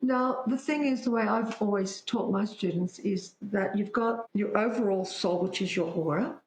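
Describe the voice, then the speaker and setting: A woman's voice: mid-range voice, moderate pace, roomy sound, poor audio. A woman, a psychic guest telling stories animatedly in conversation. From Australia. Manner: animated, tells stories with spoken-out dialogue. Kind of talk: anecdotal storytelling in conversation.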